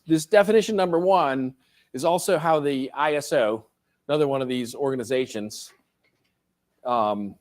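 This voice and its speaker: Middle-aged man as a professor, lecturing loosely, tossing questions to the class. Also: fairly high pitch. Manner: casual, joking, asks the class questions.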